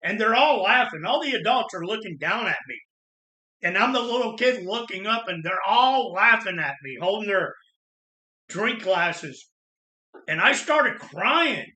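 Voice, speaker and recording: Guy telling his life story, high sharp voice, stops and restarts a lot, echoey room. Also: lively intonation. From Florida. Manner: earnest, halting, with pauses and restarts. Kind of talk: personal storytelling monologue.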